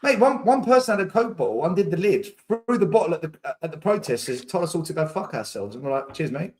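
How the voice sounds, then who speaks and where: A man's voice: a little high, big pitch swings, quick pace, a little mellow. A man, hosting a podcast, arguing heatedly in casual debate and repeating words when he gets pressed. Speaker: podcast host.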